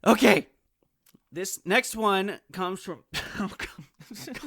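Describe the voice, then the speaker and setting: A man's voice: high-pitched, extremely slow, vocal fry, sharp tone, breathy edge, no room sound, studio quality. A man hosting a comedic in-character podcast, rambling and often breaking into laughter. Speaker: podcast host.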